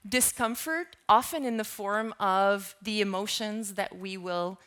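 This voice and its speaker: A woman's voice: mid-range voice, a little slow, a bit bright. A woman giving a conference keynote talk in a lecture hall, often asking the audience questions. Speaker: keynote speaker.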